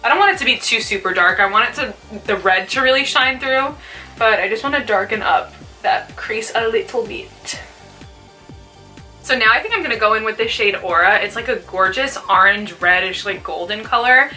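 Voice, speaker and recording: A woman's voice: fairly high pitch, normal speed, bright, forceful tone, recorded from a distance, soft background music. A young woman chatting casually while doing a makeup tutorial, peppering her talk with "like". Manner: chatty, fills speech with "like". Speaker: beauty vlogger.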